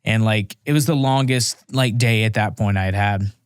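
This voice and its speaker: A man's voice: lowish voice, normal speed, smooth, no echo, clean studio sound. A man in his thirties, a former Marine, telling a war story casually on a podcast, joking and acting out the people in it. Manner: animated, self-mocking, acts out dialogue. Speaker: podcast guest, Marine veteran.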